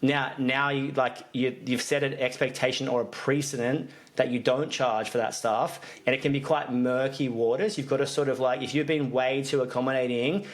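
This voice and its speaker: A man's voice: mid-range voice, fairly even intonation, normal speed, few pauses. A man co-hosting a business podcast in casual chat, rambling with restarts and fillers. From Australia. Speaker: podcast co-host, business coach.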